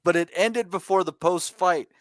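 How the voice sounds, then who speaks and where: A man's voice: high voice, moderate pace, no room sound. A man telling a rambling story on a podcast, stumbling over his words. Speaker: podcast co-host. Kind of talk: casual storytelling.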